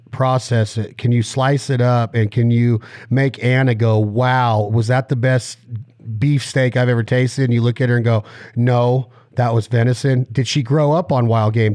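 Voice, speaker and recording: A man's voice: medium pitch, mellow, no room sound. A man hosting a casual interview, joking and rambling through long strings of questions. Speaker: podcast host.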